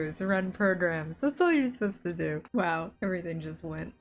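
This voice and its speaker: A woman's voice: fairly low pitch, normal speed, soft background music. A young woman hosting a let's play from home at a desk mic, chatty and exasperated with her computer. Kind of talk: casual gameplay commentary. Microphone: desk microphone.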